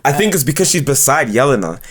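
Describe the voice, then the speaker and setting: A man's voice: mid-range voice, sing-song, fast talker, a bit bright. A young man co-hosting a casual chat, giving frank, hedged opinions with many fillers. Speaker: co-host.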